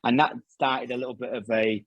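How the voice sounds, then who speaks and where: Ex-footballer guy rambling through old stories, husky voice, dry close sound. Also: mid-range voice, fairly even intonation, brisk, dry recording, highs cut off. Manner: rambling anecdotes with many restarts and fillers. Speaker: former footballer guest. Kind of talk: casual storytelling interview.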